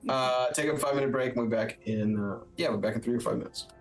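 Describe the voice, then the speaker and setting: A man's voice: medium pitch, fast, gravelly, soft background music, poor audio. A man running a streamed tabletop game as its game master, talking upbeat and chatty with plenty of filler words.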